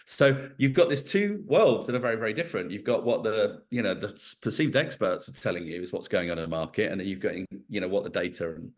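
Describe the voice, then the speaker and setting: Man, middle-aged, fairly low voice, thinks aloud, conversational guest answers. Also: lively intonation, fast talker, few pauses. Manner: reflective, storytelling, thinks aloud with restarts. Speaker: podcast guest, venture investor.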